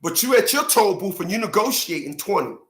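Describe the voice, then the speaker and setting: A man with a bright, slightly high voice delivers an emphatic opinion monologue and acts out mock conversations. He laughs at his own jokes along the way. The sound bounces around an echoey room. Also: very animated, fairly quick. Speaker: commentary show host. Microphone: livestream setup.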